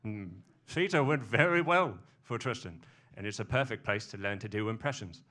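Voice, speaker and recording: A man's voice: lowish voice, normal speed, sharp tone. A man on stage impersonating a wry older actor with a London accent, clipped and hesitant. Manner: clipped, hesitant with repeated uhs.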